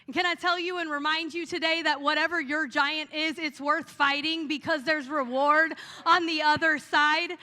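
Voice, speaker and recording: High, bright, energetic woman pastor. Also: moderate pace, hardly any pauses, big-room sound. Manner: energetic, animated storytelling with y'all. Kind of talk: sermon. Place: church hall.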